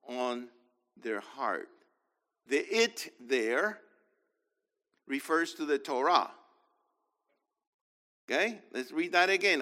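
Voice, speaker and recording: A man's voice: mid-range voice, animated, slow pace, long pauses, pushed and bright, in a large hall. A man teaching a sermon, emphatic, often repeating points and asking the listeners "okay?".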